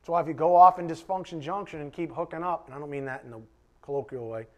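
A man preaching a conversational sermon to a Bible class. He talks directly to his listeners and swings between loud emphasis and quiet asides. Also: on the high side, quick pace. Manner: emphatic and direct, addressing the congregation.

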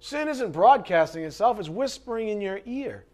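A man preaching a sermon, dramatic, swinging from loud emphasis to hushed asides. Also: high voice, expressive, normal speed. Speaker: pastor.

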